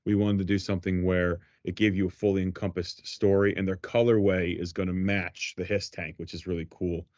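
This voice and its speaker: A man with a New Jersey accent and a very low voice answers questions in a relaxed, rambling way. He sounds like a toy brand team member on a video call. The audio is dry and dull, with a lo-fi edge. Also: brisk, few pauses, no room sound. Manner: relaxed, rambling, laughs easily. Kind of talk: casual roundtable Q&A.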